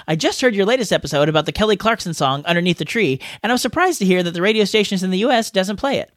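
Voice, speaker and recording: Jokey podcast guy reading mail, high voice, bounces all over the place. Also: a bit bright, no echo, clean studio sound. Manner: playful, jokey. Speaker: podcast host. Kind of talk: casual podcast chat reading listener mail.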